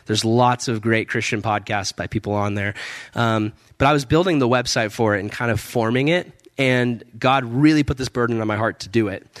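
A young male missionary gives an earnest personal testimony at a church service, speaking casually with many fillers, restarts, and frequent laughs. His voice is mid-range with a fairly bright tone and no echo.

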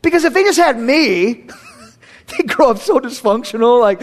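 High-voiced emphatic male pastor preaching. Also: animated, measured pace. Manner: emphatic, repeats key phrases, playful asides. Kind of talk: sermon.

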